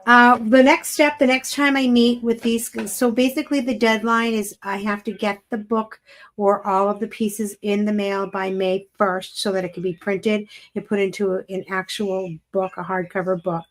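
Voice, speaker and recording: A woman's voice: mid-range voice, fairly even intonation, moderate pace. A woman teacher chatting on a live-stream show, telling a story with a lot of enthusiasm and plenty of fillers. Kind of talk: casual live-stream chat.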